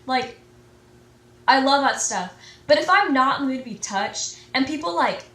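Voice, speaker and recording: A woman's voice: high-pitched, expressive, normal speed, fairly bright tone, far from the mic. A teenage girl in casual chat, rambling and saying "like" constantly as she complains. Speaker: co-host. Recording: echoey room from off-mic.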